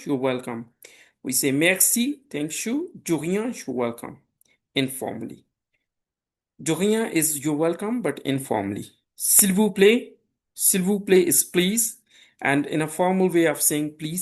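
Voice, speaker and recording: A man from Pakistan teaching a beginner French lesson, speaking patiently and deliberately, giving French phrases and their English meanings for the listener to repeat. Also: fairly high pitch. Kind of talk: slow language lesson with repetition drills.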